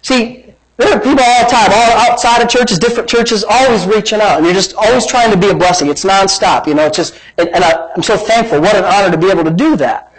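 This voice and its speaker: Male pastor, high-pitched, emphatic preaching style with humor. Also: quick pace, rough recording. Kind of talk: sermon.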